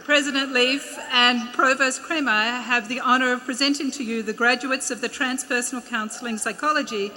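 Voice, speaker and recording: High-voiced Australian woman announcing names. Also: fairly even intonation, brisk, few pauses, bright, forceful tone, in a large hall, slight background noise. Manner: carefully reading names, checking pronunciations. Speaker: faculty presenter at a graduation.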